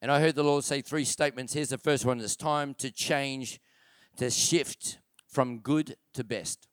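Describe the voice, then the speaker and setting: A man's voice: mid-range voice, measured pace, clean tone, no echo, clean studio sound. A man preaching a sermon as a pastor. He drives his points home by repeating phrases and putting rhetorical questions to the congregation. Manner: emphatic preaching, repeats key phrases for stress. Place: church.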